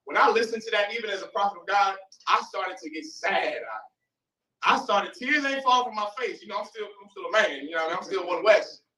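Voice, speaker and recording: A man's voice: high-pitched, fairly quick, pushed and bright. A man giving an impassioned lecture to a live audience, emphatic and throwing rhetorical questions at the crowd. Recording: roomy hall, mic far off.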